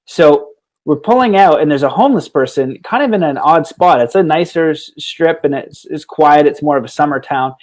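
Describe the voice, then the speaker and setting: A man with a somewhat high voice tells stories in a casual chat. He rambles, restarts his sentences, and keeps slipping in quick asides. He sounds lively and chuckles now and then. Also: poor audio. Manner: animated, laughs while telling stories. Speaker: guest on a talk stream. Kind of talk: casual storytelling conversation.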